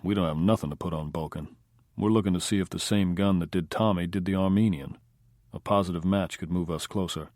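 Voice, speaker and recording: A hard-nosed cop voiced by a man reading a crime audiobook speaks bluntly and to the point. His voice is low and dry, as if right at the mic. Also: fairly even intonation, fairly quick, darkish tone, no echo, close to an everyday voice. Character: blunt male police detective.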